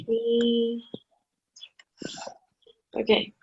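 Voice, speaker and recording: A woman teaching in a slightly high voice, speaking very slowly and carefully. She repeats key words and checks in with her student. The sound is dull and lo-fi, with keyboard typing in the background. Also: monotone, a little hiss or hum. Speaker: Spanish tutor. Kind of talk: slow online lesson explaining rules.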